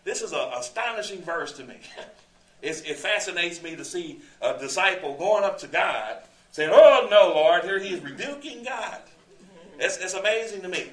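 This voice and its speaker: Male preacher going thru scripture, chatty, rhetorical questions, slightly high voice, far from the mic. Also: animated, moderate pace, pushed and bright. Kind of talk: sermon, verse-by-verse Bible teaching. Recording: echoey room, distant mic.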